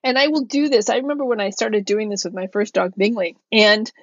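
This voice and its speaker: A woman's voice: mid-range voice, fairly even intonation, a little fast, fairly bright tone, slightly rough, no echo, highs cut off. Woman dog trainer, dry close recording. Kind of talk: casual podcast chat.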